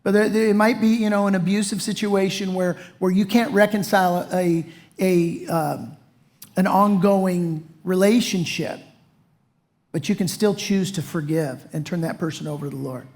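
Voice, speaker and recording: A man's voice: high voice, steady tone, moderate pace, a little mellow. A male pastor preaching a sermon in a folksy, conversational way, often saying "you know".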